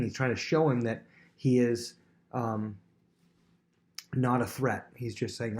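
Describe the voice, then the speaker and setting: Man, teacher, Bible lesson for students, animated storytelling, warm mellow tone. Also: mid-range voice, slow, pauses often. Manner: animated storyteller who acts out quotes.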